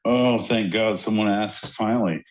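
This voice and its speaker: A man's voice: moderate pace, a little hiss or hum. A man hosting a podcast, teasing his co-hosts in loose comedic banter full of swearing. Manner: swearing, teasing, lively swings in pitch. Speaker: podcast host. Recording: dull lo-fi podcast audio.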